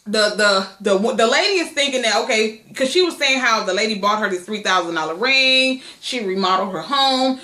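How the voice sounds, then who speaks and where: A woman's voice: fairly high pitch, bright, forceful tone. Profane, rambling woman vlogger, echoey room. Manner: profane, blunt gossip commentary; long-winded, rambling. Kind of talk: casual chat.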